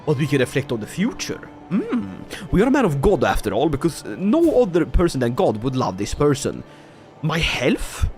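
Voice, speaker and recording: Brief: male game streamer from Sweden, somewhat high voice, very animated, laughs a lot, faint game music behind. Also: moderate pace. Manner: animated, jokey, laughs often, talks to chat. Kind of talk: casual livestream game commentary.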